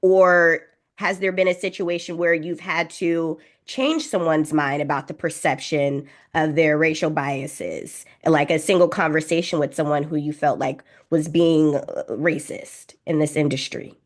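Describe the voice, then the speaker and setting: Low-voiced woman hosting an interview. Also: fairly even intonation, unhurried, few pauses. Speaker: podcast host. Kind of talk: interview questions and listening.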